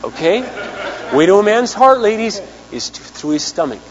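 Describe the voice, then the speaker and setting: A man preaching a sermon, telling a story in an animated way and acting out the people he quotes. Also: high voice, normal speed, muffled recording. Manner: animated storyteller, acts out quotes, big swings in loudness. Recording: hum with long hall reverb.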